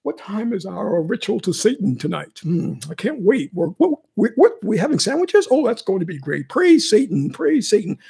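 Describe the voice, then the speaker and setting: A woman's voice: medium pitch, very animated, normal speed, gravelly, few pauses, warm tone, breathy edge, full character voice. A woman putting on the voice of a smug, callous elite insider, speaking in a mocking, offhand way. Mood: smug mockery.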